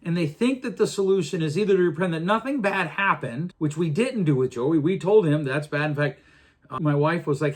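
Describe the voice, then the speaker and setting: A man's voice: on the high side, expressive, a little fast. A middle-aged man hosting a podcast, talking earnestly in a casual monologue with frequent restarts. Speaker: podcast host.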